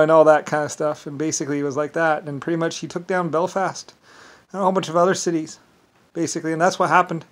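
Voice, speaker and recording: A man speaking in a rambling, casual monologue, meandering and halting, with many fillers and restarts. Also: on the high side, flat delivery.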